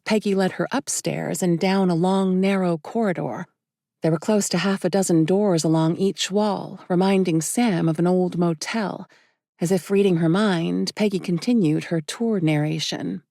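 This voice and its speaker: Low, gravelly woman narrating. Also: mellow, no room sound, studio quality. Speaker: audiobook narrator. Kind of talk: scripted narration.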